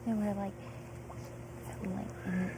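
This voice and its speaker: A young woman chats in quick, animated gossip, replaying each exchange in other people's voices. She sounds mid-range in pitch. Her lapel mic picks up heavy background noise from the house. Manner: animated, acts out quotes with filler "like". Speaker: reality show contestant. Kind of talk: casual gossip. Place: indoor house. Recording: noisy room feed.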